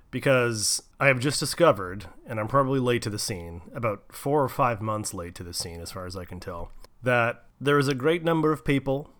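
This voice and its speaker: A man's voice: medium pitch, fairly bright tone. A man hosting a radio show, chatting casually and jokingly with a nasal voice as he gets over a cold. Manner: jokey, rambling, enthusiastic. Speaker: radio host.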